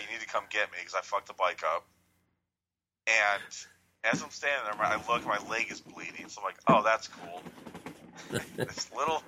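A man's voice: lowish voice, bright, forceful tone, slight background noise, poor audio. A man telling a rambling, profane, jokey story in casual chat.

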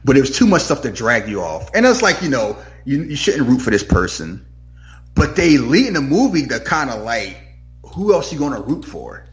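A man's voice: medium pitch, big pitch swings, moderate pace, soft background music. A man in casual chat about a movie, rambling and opinionated with lots of fillers. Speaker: movie podcast co-host. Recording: roomy echo.

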